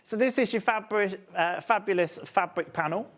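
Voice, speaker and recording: A man's voice: high voice, normal speed. A man, hosting a live TV shopping show in a studio with upbeat, chatty sales patter. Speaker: shopping channel presenter.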